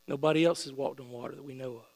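A man preaching a sermon with playful storytelling that builds into excited shouts. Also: mid-range voice, racing, creaky. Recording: long hall reverb with mains hum.

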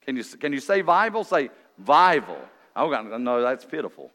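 A visiting male revival preacher gives a folksy, joking sermon, swinging from quiet asides to loud emphatic calls. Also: mid-range voice, big pitch swings, a little fast. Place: church sanctuary during an evening meeting. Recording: long reverb of a large church hall.

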